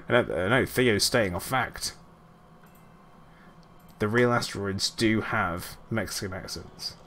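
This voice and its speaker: A man's voice: on the low side, measured pace, pauses often, fairly bright tone, slight background noise. A man streaming a game and chatting casually while playing, rambling and correcting himself, often laughing. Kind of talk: casual gameplay chat.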